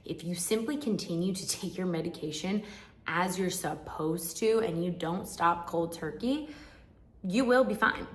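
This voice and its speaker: Young woman, vlogger, frank and emotional, chatty asides, low-ish voice, roomy echo. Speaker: vlogger sharing her postpartum story. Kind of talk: candid personal storytelling to camera.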